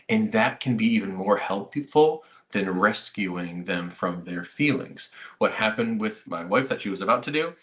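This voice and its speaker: Bright-voiced male therapist presenting. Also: lowish voice. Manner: conversational, animated, acts out quotes. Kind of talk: webinar presentation.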